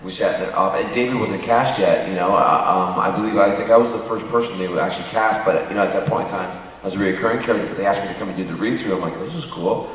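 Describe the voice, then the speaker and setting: Low-voiced man in an echoey hall. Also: quick pace, a bit bright, far from the mic. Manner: rambling with many fillers and laughs. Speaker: actor on a fan convention panel. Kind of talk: casual panel anecdotes. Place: large convention hall.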